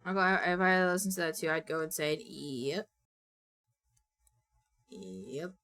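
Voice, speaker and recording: A woman's voice: lowish voice, level tone, quick pace, a bit bright, smooth. A young woman chatting casually and playfully on a live stream while she draws, talking to her viewers. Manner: playful and chatty, talks to chat and to her characters.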